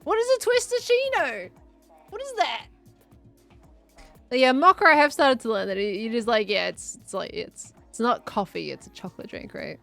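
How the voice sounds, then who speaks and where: A young woman streams and chats in a loose, rambling way, answering her chat and laughing easily. Her voice sits a little high. Quiet music plays faintly under her talk. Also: very animated, moderate pace, gravelly. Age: 20s. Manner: rambling, chatty, laughs often, reads chat aloud. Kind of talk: casual live-stream chat.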